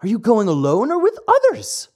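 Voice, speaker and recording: A storybook narrator voicing an eager, dreamy wooden marionette boy whose talk keeps rising into excited high cries. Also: moderate pace.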